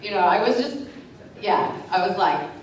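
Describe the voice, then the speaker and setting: A woman's voice: medium pitch, animated, normal speed, a little hiss or hum. A woman in her thirties, an actress on a convention panel, chatting in a laughing, self-deprecating way. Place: large convention hall. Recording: echoey hall, distant mic, crowd behind.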